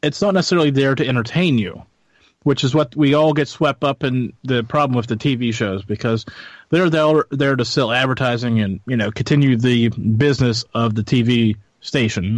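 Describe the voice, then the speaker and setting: A man's voice: medium pitch, dry recording. A man speaking as a guest on a radio roundtable, thoughtful and hesitant, often restarting his sentences. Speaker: fellow radio host, panel guest. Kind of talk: roundtable discussion.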